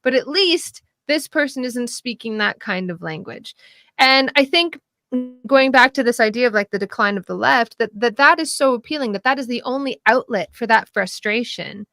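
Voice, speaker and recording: A woman talking casually about politics as a podcast guest, animated and laughing often, with frequent restarts. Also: on the high side, no echo, clean studio sound.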